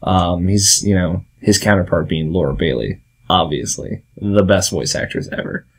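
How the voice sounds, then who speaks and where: A young American man hosts a casual talk vlog in a low, creaky voice with a breathy edge, speaking at a moderate pace. He rambles and keeps interrupting himself with little laughs.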